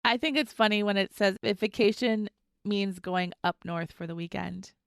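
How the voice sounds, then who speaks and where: A woman's voice: medium pitch, fairly even intonation, moderate pace, creaky, smooth, no room sound, studio quality. A middle-aged woman, co-hosting a podcast in casual chat, telling anecdotes and laughing often. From Minnesota. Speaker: podcast co-host.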